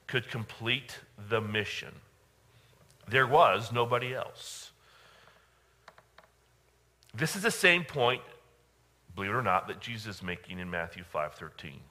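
A male pastor preaching a sermon, emphatic, with dramatic pauses and repeated phrases. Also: mid-range voice, sharp tone. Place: church.

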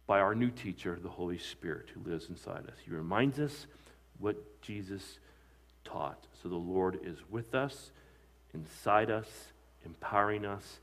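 A man with a fairly low voice preaches a sermon as a pastor. He swings between strong, emphatic lines and quieter, softer ones, often putting questions to his listeners and answering them himself. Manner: emphatic preaching with rising and falling loudness, asks the congregation questions.

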